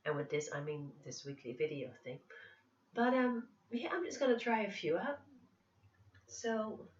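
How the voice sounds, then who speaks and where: A woman's voice: mid-range voice, lively intonation, a little slow. A woman vlogger with an American accent tinged with Dutch and English, chatting to camera in a blunt, playful way. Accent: American with Dutch and English traces. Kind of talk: casual chat to camera. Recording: echoey room, distant mic, dull sound.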